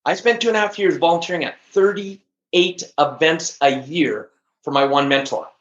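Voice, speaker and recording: A man speaking as a guest on an interview podcast, telling stories with high energy and emphasis. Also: normal speed, fairly bright tone. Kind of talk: interview conversation. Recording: echoey, dull lo-fi audio.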